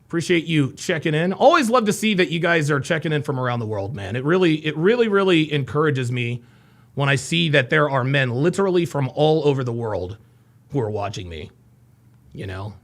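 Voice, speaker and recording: A man hosting a casual livestream, reading out viewers' names and places with upbeat shout-outs and dropping into low mumbled asides. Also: lively intonation, brisk. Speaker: livestream host.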